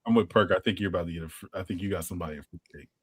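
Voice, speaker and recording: A man's voice: deep voice, racing, husky, no echo. A man hosting a casual podcast, playful and asking his co-hosts questions. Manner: lively, playful, asks questions.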